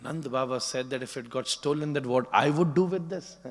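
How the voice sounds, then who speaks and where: A man's voice: mid-range voice, fairly quick, few pauses. A man telling a devotional story, prompting listeners with frequent "huh?", in a large hall. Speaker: spiritual preacher. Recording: long hall reverb.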